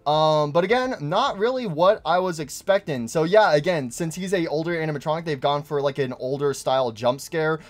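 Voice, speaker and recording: A man narrating a game video with gushing, excitable energy. His voice sits a bit higher than most men's, and he reacts eagerly to each new detail. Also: brisk, few pauses. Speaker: gaming YouTuber. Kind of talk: gameplay commentary.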